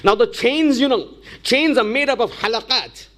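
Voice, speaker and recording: A man's voice: very high-pitched, lively intonation, moderate pace, fairly bright tone. A man preaching a religious lecture, telling a story and driving it home with repeated rhetorical questions. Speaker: Islamic preacher.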